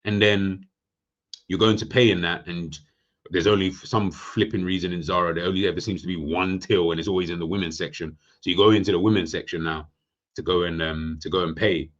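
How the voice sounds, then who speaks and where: Slangy, low-voiced man. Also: brisk, dull audio. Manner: animated, slangy, joking, rambling with restarts. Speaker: football pundit. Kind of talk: casual football roundup commentary.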